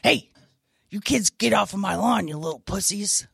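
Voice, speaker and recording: A woman's voice: medium pitch, moderate pace, vocal fry, husky, dry recording, clean studio sound, heavily acted. A woman doing a crude grumpy lady. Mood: gruff. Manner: loud, profane, barking.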